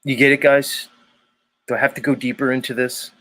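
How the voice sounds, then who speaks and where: 男性の配信ホスト、荒っぽく熱くなる話し方. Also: male voice, mid-range voice, a little fast. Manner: profane, heated, then mock-calm. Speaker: livestream host. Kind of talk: casual live-stream rant.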